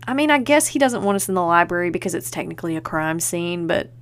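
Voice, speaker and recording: Woman, podcast host, lower-pitched, casual enthusiastic chatter. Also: animated, quick pace, clear, resonant tone. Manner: chatty and enthusiastic, loose with fillers like "like".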